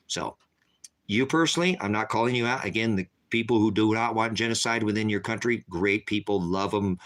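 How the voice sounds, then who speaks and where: Heated, forceful male livestream preacher. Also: on the low side.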